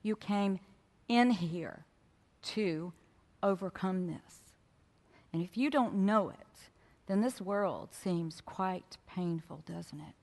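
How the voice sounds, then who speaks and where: A woman with a low voice, a spiritual speaker, tells stories slowly to a live audience in a lecture hall at a fellowship event. She's frank and animated, speaking straight to the listeners, and the hall adds a long, echoey reverb.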